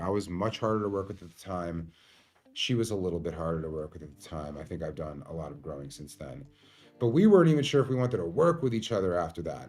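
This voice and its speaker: A man's voice: lowish voice, darkish tone. A man, a company founder telling a candid, emotional story about his company's early days. He swears freely. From New York. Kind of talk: storytelling monologue.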